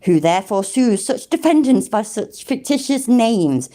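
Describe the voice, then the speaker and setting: A woman's voice: on the high side, sing-song, a little slow, warm tone. A middle-aged woman with a British accent hosting a casual livestream, sarcastic and sweary, laughing as she mocks a legal document she reads aloud. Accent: English (British). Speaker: livestream host reading a legal document to chat.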